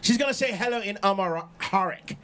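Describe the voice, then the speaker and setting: A man hosting a talk show, playful and loud, with a catchphrase he repeats again and again. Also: high voice, moderate pace, slight background noise. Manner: shouty, playful, repeats "that's right". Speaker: host. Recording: lively crowd chatter behind.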